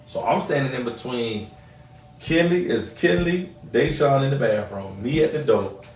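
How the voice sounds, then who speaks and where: Male podcast host, an animated storyteller, recorded off-mic in an echoey room. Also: medium pitch, moderate pace. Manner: animated storyteller, acts out quoted voices. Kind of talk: casual storytelling. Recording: roomy echo, mic at a distance.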